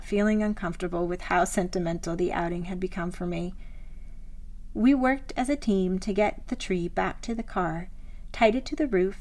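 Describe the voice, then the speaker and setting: A woman author reading her own memoir aloud, in a measured, reflective style of scripted narration. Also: mid-range voice.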